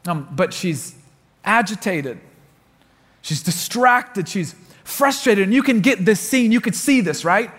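A man preaching a sermon in a lively storytelling manner, repeating words for emphasis. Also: high voice, unhurried, breathy edge. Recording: long reverb of a big hall.

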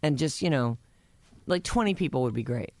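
A woman's voice: a bass voice, expressive, a little fast, darkish tone, no room sound. A woman chatting casually with friends, rambling with many fillers as she tells about a party she hosted. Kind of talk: casual chat among friends.

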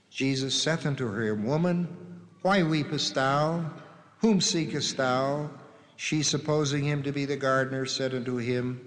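A man slowly and solemnly reading scripture passages aloud, naming the gospel after each one, his voice heard from a distance in a reverberant hall. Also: medium pitch. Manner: slow, measured, solemn reading with drawn-out quotes.

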